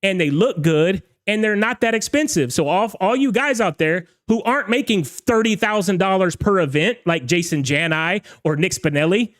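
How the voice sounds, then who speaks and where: A man hosting a DJ show, ranting in a casual, emphatic way and often checking in with "okay?", his voice slightly hoarse from talking all night. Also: high-pitched, expressive, normal speed, few pauses. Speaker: DJ show host. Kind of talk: casual livestream rant.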